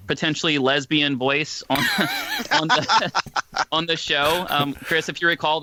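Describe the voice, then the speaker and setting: A man's voice: mid-range voice, sharp tone, no room sound. A man of about thirty, a departing podcast co-host, talking in a rambling, emotional way full of fillers. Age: 20s. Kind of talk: casual podcast chat.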